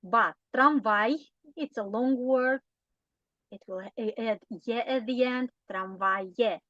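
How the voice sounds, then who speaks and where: A woman teacher with a Romanian accent speaks in a slightly high voice, taking her time over each explanation. She checks in often with little tag questions. The recording is dull and lo-fi, with a dry, close sound. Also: slow pace, bright, forceful tone, dry recording. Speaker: language teacher. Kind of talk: explanatory online lesson.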